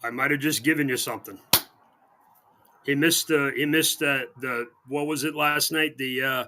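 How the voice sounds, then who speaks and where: A man's voice: mid-range voice, fairly even intonation, moderate pace, background noise. A man co-hosting a sports radio show, chatting casually and sarcastically, with lots of restarts. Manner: rambling, sarcastic, many restarts. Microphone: remote call-in line.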